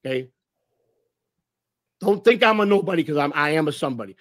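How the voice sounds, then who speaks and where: A man's voice: a little high, animated, a little fast, pauses often, a bit bright, no echo. A man giving a rambling, defensive apology in a played clip. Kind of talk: recorded apology.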